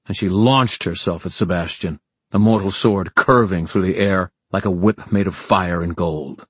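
A man narrating an audiobook in a dramatic, measured reading style. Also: sits low, slightly rough, dry recording. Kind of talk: scripted narration.

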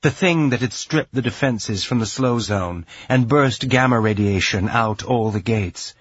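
A man narrating a science fiction audiobook in a measured, even storytelling voice. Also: mid-range voice, husky, highs cut off. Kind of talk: scripted narration.

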